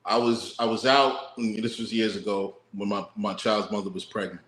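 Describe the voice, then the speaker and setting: A fairly low-voiced man with a bright, forceful tone talks through his views on a casual chat show. He keeps a relaxed, profane delivery, and the recording carries a roomy echo. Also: normal speed. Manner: laid-back, profane, explaining. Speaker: podcast co-host.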